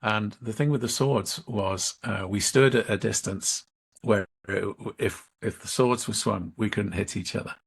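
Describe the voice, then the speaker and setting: A middle-aged man, a leadership coach and interview guest, telling a workshop story in a measured way and acting out the dialogue. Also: fairly low pitch, gravelly, slightly rough.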